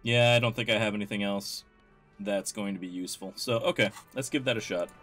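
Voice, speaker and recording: A man's voice: lowish voice, a little fast, fairly bright tone, soft background music. A man hosting a let's play, commenting casually and with amusement as he reads dialogue aloud.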